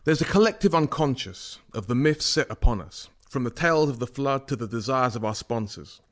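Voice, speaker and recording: A man reciting a comic rhyming poem in a measured, rhythmic delivery. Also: medium pitch, expressive. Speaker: guest poet. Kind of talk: poetry recital.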